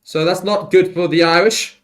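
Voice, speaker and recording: A man hosting a live rugby watchalong, talking loosely with many fillers and getting excited on big plays. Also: high-pitched, normal speed. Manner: rambling with fillers and restarts. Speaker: livestream host. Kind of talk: live match watchalong commentary.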